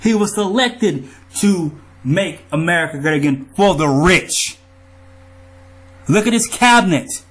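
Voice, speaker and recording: A man's voice: high voice, expressive, a little slow, a bit bright. A man in an angry monologue to his viewers, riled up, profane and ranting. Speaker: vlogger.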